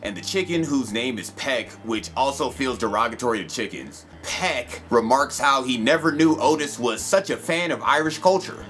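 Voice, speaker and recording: A man's voice: medium pitch, fairly bright tone. A man narrating a cartoon review in a scripted comedic style, sarcastic and crude, with mock-formal asides.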